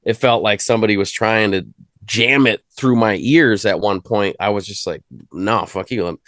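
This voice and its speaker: A man's voice: on the low side, moderate pace, fairly bright tone, no room sound, studio quality. A man, a rapper guest on an interview, talking casually in a rambling, jokey way with lots of restarts. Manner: rambling, many restarts and fillers; laid-back, jokey. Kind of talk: casual conversation.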